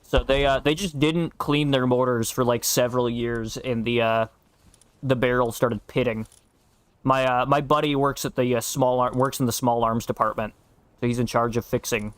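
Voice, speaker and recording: A man's voice: mid-range voice, flat delivery, normal speed, clear, resonant tone, dry recording. A man streaming a game and chatting casually, telling stories in a blunt, profane way. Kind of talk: casual chat while gaming.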